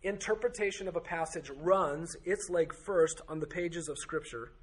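A man's voice: on the high side, moderate pace. A man teaching a Bible study class, firing off strings of rhetorical questions with occasional joking asides. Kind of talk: teaching to a group.

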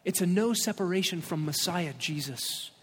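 A man's voice: high voice, moderate pace, a bit bright, breathy edge, long reverb tail. A male pastor preaching an expository sermon, emphatic, reading scripture aloud with rising stress.

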